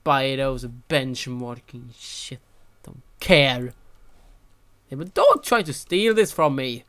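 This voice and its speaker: A man narrating a gameplay session in a loose, unhurried way, dragging his words out. His voice swoops up and down as he mutters and exclaims to himself in exasperation. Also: medium pitch, clean tone. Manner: animated, exasperated self-talk with frequent exclamations. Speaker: gaming channel host. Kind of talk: let's-play gameplay commentary.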